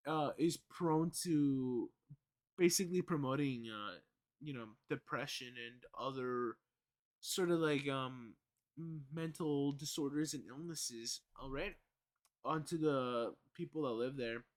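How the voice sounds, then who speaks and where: A man's voice: mid-range voice, unhurried. A young man streaming casual reaction commentary, rambling with many fillers and the odd swear word.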